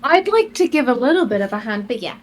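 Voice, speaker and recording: A woman's voice: fairly high pitch, big pitch swings, quick pace. A woman playing in a tabletop game session, casually describing her character's actions. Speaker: player.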